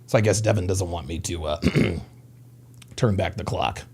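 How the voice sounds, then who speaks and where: A man's voice: sits low, moderate pace, a little mellow, slightly rough. A man in his thirties hosting a casual livestream, rambling and profane as he reads chat comments. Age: 30s. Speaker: livestream host.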